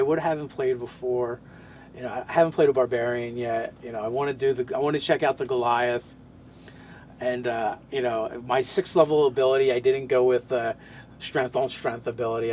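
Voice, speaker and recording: A man's voice: medium pitch, a little mellow, a little hiss or hum. A man in casual podcast chat, describing his tabletop game character, talking in loose, rambling sentences full of restarts and fillers.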